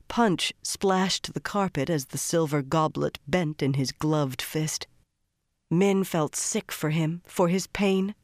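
Steady audiobook narrator, dry sound. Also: medium pitch, dry recording. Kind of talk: scripted fantasy narration.

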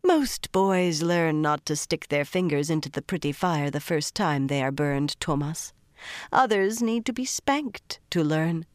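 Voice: medium pitch, measured pace, no echo, close to an everyday voice. A commanding ageless woman in an audiobook, as the narrator puts her on. She sounds pleasant, with a dry, cutting edge underneath. The recording is close and dry. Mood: dry scorn.

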